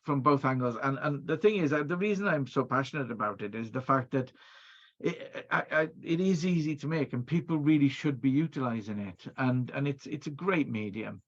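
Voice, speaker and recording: A middle-aged video producer from Wales chats over a video call in a casual interview, telling stories with many restarts. His medium-pitched voice is animated and a little fast, with the highs cut off.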